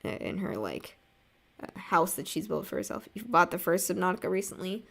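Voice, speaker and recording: A young American art streamer rambles while drawing on her livestream, reading viewer messages aloud, saying "like" a lot, and laughing a little. Her voice sits on the low side with vocal fry and a bit of brightness, and she's very animated and a little fast.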